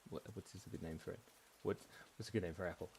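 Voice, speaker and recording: A man's voice: low voice, steady tone, fast, creaky, a little mellow, slight background noise. A man hosting a live drawing stream from a room at home, chatting in a playful, giggly way and telling silly stories. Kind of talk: casual rambling chat while drawing. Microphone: headphones on, desk mic.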